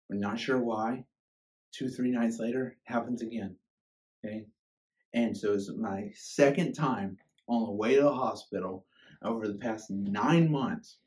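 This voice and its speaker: A man's voice: lowish voice, a little mellow. A man in his thirties preaching a personal, emotional sermon in a conversational way, often checking in with "okay?". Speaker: pastor. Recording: voice from far off the mic.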